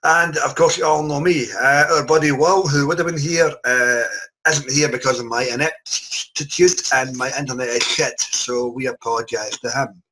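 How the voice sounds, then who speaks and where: A man's voice: medium pitch, steady tone, normal speed, bright, forceful tone, a little hiss or hum, low-quality recording. A man hosting a casual podcast chat, introducing guests with jokes and lots of filler words. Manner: jokey, rambling with fillers. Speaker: podcast host.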